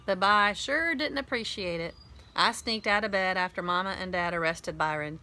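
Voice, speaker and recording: A woman reading a children's novel aloud, narrating in a boy's first person in a lively, conversational way. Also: medium pitch, moderate pace. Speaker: audiobook reader.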